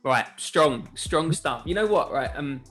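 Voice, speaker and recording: A man's voice: on the high side, expressive, a little slow, a bit bright, soft background music. A man from England hosting a casual golf shoe review, chatty and jokey, often correcting himself mid-sentence. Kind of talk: casual chat.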